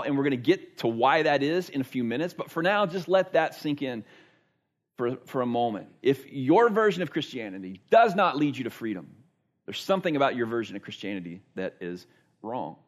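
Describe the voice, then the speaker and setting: A man preaching a Sunday sermon in a church, earnest and emphatic, repeating words for stress. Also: fairly high pitch. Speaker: pastor. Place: church sanctuary.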